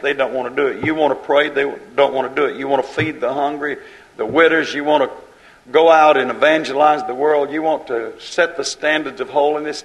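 A man preaching a fiery sermon in a repetitive cadence, swinging between loud and hushed lines. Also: medium pitch, low-quality recording.

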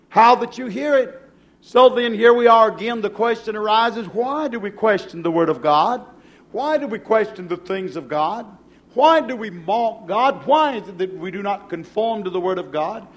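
High-voiced fervent male preacher. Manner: fervent, rhetorical questioning. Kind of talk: sermon.

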